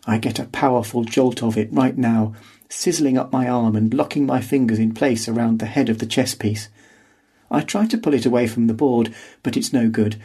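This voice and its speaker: Husky man reading a story wryly. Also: medium pitch, fairly even intonation, normal speed, dark tone. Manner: wry, dry first-person storytelling. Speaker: narrator. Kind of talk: scripted fiction narration. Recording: podcast audiobook reading.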